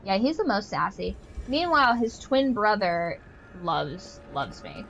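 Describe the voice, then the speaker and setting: A young woman chatting away while she streams a game, her mid-pitched voice full of filler words as she rambles through stories. She sounds playfully exasperated, and a faint hiss sits under her talk. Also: a little slow, dull audio. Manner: animated storyteller, playfully exasperated. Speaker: gaming streamer. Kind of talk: casual chat while playing a game.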